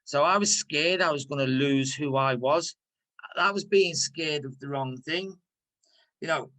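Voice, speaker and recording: This workshop leader, a man with a Liverpool accent, runs a recovery session in a frank, conversational manner, restarting often. He has a medium-pitched voice with a sharp tone, heard on a low-quality recording.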